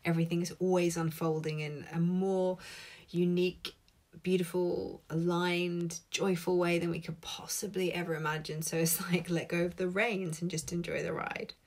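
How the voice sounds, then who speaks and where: A woman's voice: lowish voice, level tone, moderate pace, darkish tone. A woman hosting a live stream, chatting casually to viewers, swearing freely and reacting to their comments. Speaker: host of live tapping session. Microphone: laptop.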